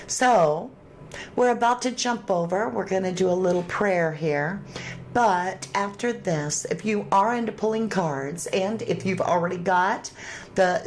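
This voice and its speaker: A woman's voice: mid-range voice, a little hiss or hum. A woman hosting a true crime livestream, reading viewer comments aloud and chatting casually, thanking viewers with endearments.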